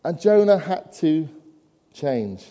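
A man's voice: fairly high pitch, very animated, takes it slowly, dark tone. A man preaching a sermon in a church, mixing humorous asides with rhetorical questions to the congregation. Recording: long church reverb.

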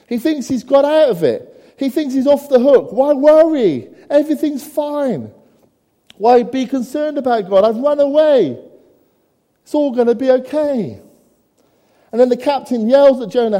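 A man delivers a sermon with a high, mellow voice that rings out through a church with a long reverb tail. He breaks his preaching with humorous asides and keeps putting rhetorical questions to his listeners. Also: expressive, measured pace.

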